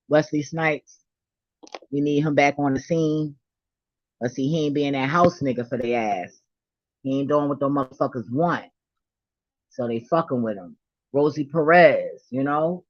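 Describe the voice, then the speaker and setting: A woman's voice: sits low, unhurried, pauses often, no echo. Woman vlogger, middle-aged, hyped and swearing a lot, dull dry lo-fi sound. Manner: hyped, profane, laughing often. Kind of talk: casual monologue to camera.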